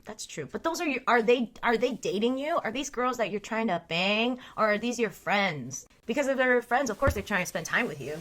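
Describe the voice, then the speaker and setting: Reading viewer chat out loud, this livestream host is a woman in her thirties whose mid-range voice has a bit of brightness. Her manner is candid and talkative, with frequent laughter.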